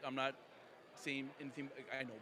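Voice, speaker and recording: A man's voice: mid-range voice, flat delivery, normal speed, sharp tone. A man interviewing guests at a convention, rambling loosely and laughing often. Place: convention lounge.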